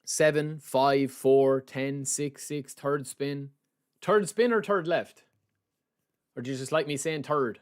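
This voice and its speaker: A young Irish man streaming a game, chatty and excitable, talking to his chat as "lads" and saying he is sleep-deprived. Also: mid-range voice, takes it slowly, clear, resonant tone. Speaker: gaming streamer. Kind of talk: live stream chat while opening game packs.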